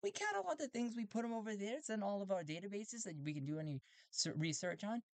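A man voicing a strange, excitable male robot who collects and catalogs things, in a solo tabletop role-play. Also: high voice, quick pace, no echo, voice pushed up. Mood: eager.

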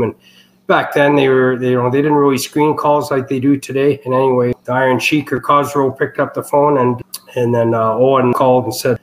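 A man's voice: mid-range voice, little pitch movement, a little fast, slight background noise, rough recording. A man telling wrestling stories as an interview guest, rambling, with many fillers and restarts. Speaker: guest, wrestling family member. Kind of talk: casual storytelling interview.

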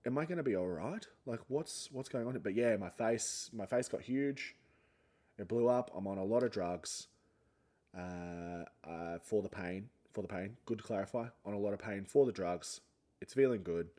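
Speaking at a moderate pace in a lowish, warm voice, a young man chats casually on his solo podcast. Having just had his wisdom teeth out, he sounds slightly funny from the sore jaw and rambles along, poking fun at himself.

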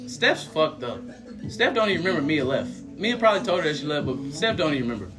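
A man's voice: on the high side, music in the background. A man in his twenties telling a story in casual podcast chat, acting out the quotes. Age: 20s. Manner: animated, fast storytelling with acted-out quotes. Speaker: podcast co-host.

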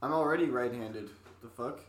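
A man's voice: medium pitch, normal speed. A Canadian man co-hosting a podcast, swearing and joking in casual stoned banter. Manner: swearing, animated. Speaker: podcast co-host. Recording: echoey room.

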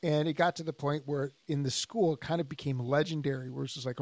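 A man with a voice pitched somewhat high talks casually on a podcast, a jiu-jitsu instructor working through his points with stories. He plays out both sides of old conversations as he goes. The sound is close and dry. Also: fast talker, few pauses, no room sound. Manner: animated storyteller, acts out quoted dialogue.

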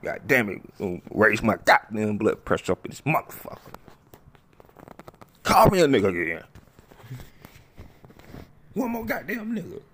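A man's voice: lowish voice, wildly swooping pitch, normal speed, long pauses, fairly bright tone, exaggerated voice. A man voicing a hot-tempered tough guy who curses and threatens. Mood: angry. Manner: gruff, cursing, threatening. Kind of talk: comedy skit voices.

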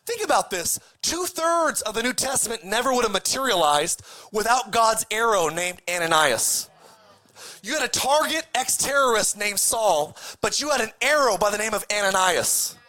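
A man preaches with a high, bright, ringing voice. He is animated and emphatic, and he switches between conversational asides and raised, shouted declarations. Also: moderate pace. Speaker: pastor. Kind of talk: sermon.

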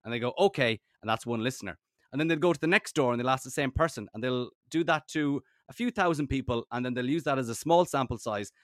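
Male radio guest, animated joker, dry close sound. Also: medium pitch, fast talker, dry recording. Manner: animated storyteller, jokey. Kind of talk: casual podcast chat.

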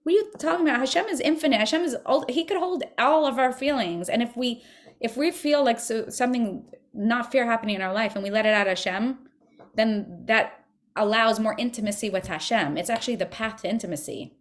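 A woman's voice: fairly high pitch, brisk. A woman leading a religious study group, speaking earnestly in a casual, conversational way and repeating words for emphasis. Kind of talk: casual spiritual teaching and text reading.

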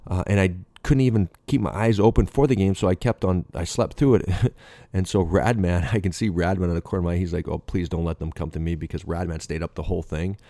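Deep-voiced man telling a rambling story. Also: fast talker, warm tone, no room sound, clean studio sound. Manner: rambling, acts out dialogue, self-interrupting. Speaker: former pro baseball player. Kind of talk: anecdotal storytelling.

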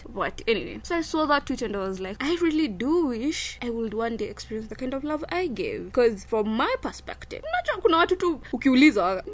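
A young Kenyan woman hosting a casual solo podcast, chatty and playful, mixing Swahili slang into her English. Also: a little high. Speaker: podcast host.

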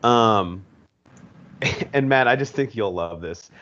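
Low-voiced chatty podcast host man. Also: lively intonation, takes it slowly, fairly bright tone, lo-fi sound. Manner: chatty and enthusiastic, frequent fillers. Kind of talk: casual chat.

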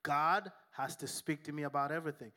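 Bright, forceful male pastor preaching. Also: a little high, a little fast. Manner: emphatic, humorous preaching with call and response. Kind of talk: sermon. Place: church.

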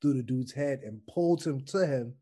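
A man co-hosting a casual movie review chat, jokey and animated, often mimicking lines for laughs. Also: medium pitch, moderate pace. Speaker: podcast co-host.

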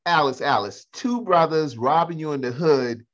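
A man's voice: on the high side, normal speed, a bit bright, highs cut off. A male host chats casually, teasing his guest with incredulous remarks. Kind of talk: casual chat.

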